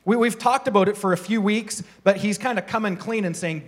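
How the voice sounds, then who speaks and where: A man with a notably high voice delivers a sermon as a pastor. He keeps it casual and chatty, piling up rhetorical questions for the room. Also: a little fast, hardly any pauses. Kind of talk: conversational sermon.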